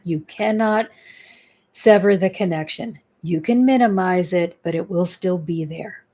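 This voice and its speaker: Woman spiritual guide, unhurried and warm-toned, soothing tapping meditation. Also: on the low side. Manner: slow, soothing, instructive, repeats affirmations. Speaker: spiritual healer leading a guided exercise.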